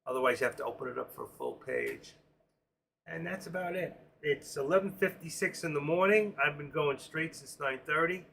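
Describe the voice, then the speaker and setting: A man's voice: on the high side, very animated, moderate pace, fairly bright tone. A middle-aged man with a New York accent, chatting casually on his trading live stream and reading viewer comments aloud.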